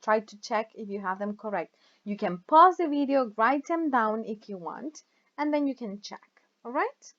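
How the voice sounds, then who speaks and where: A woman teaching English grammar in a recorded video lesson, whose first language is Spanish. She reads example sentences aloud slowly and often checks with the class by asking "right?". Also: on the high side, expressive, a bit bright, lo-fi sound.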